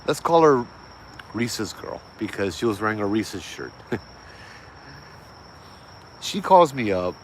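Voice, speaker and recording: A middle-aged man with a lowish voice tells a ghost story in an easygoing, rambling way, full of fillers and self-corrections. He is very animated yet slow, leaving long pauses, and the rough recording has slight background noise.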